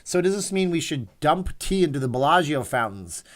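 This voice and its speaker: A man's voice: a little high, big pitch swings, moderate pace. A man in his forties hosting a casual livestream. He rambles and reads viewer messages aloud. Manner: rambling, reads chat aloud, chatty asides. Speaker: livestream host.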